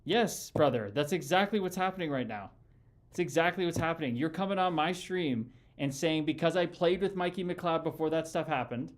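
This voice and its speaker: A man in his thirties hosts a casual livestream and reads out viewer comments. He argues bluntly and combatively with a critic and keeps calling people "brother." His voice sits a little high for a man. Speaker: livestream host.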